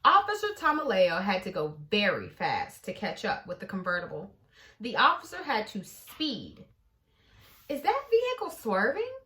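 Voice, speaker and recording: A woman narrating a children's storybook aloud with expressive reading. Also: medium pitch, normal speed. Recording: echoey room.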